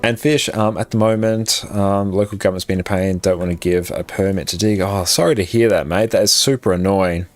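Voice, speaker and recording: A man's voice: low-pitched, steady tone, a little fast, hardly any pauses, soft background music. An Australian man chatting casually on a live game stream, upbeat and laughing easily as he thanks viewers. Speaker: livestream gamer.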